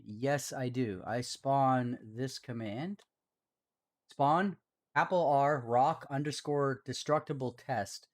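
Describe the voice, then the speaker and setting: A man at a medium pitch, talking casually on a live stream while he builds in a game. He chats in a relaxed way and often drops to a mutter as he works. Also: unhurried.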